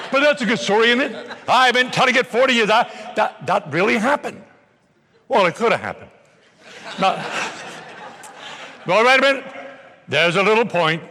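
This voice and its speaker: Older man speaking in an echoey hall. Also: high voice. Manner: energetic storytelling with shouted bursts and jokes. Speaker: motivational speaker. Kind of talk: live motivational seminar talk. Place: large hall with live audience.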